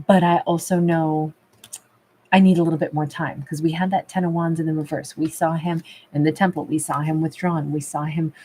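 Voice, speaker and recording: A woman tarot reader in a casual livestream, chatting affectionately with viewers and calling them babe and love, a little rough from a recent cough. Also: low voice, dark tone. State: recovering from a cough. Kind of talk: livestream chat reading viewer comments.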